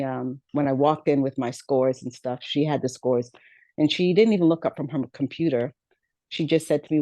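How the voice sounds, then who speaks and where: A woman's voice: very deep voice, warm tone, no echo. A middle-aged woman, a podcast guest, telling her life story in a conversational way with many fillers and acted-out quotes.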